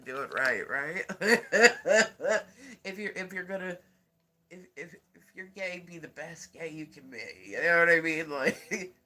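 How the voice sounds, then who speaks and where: A man with a stuffy, congested nose hosts a rambling livestream chat, frequently breaking off to laugh and swear casually. His voice sits a bit high and sounds very bright and sharp.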